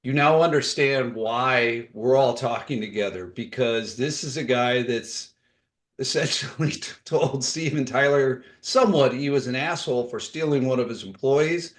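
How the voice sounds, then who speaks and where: A man's voice: mid-range voice, moderate pace. A man hosting a podcast interview, setting up his guest and asking eager, conversational follow-up questions. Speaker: podcast host.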